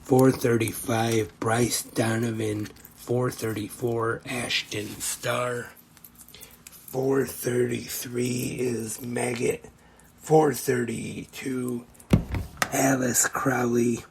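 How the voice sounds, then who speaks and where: A man's voice: mid-range voice, little pitch movement, very slow, vocal fry, a little hiss or hum, rough recording. A man hosting a podcast, reading out a ranked list with brief asides, and he is losing his voice a little. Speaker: podcast host.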